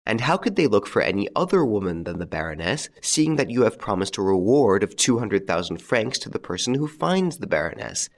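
A man voicing a suave gentleman thief in an audiobook, pressing a confident, mocking accusation. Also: on the low side, big pitch swings, fairly quick, hardly any pauses.

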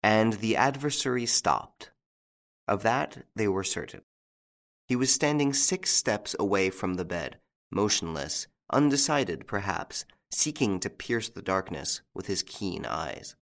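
Man reading a mystery audiobook, low voice, very lively intonation, measured delivery. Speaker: audiobook narrator. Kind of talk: scripted narration.

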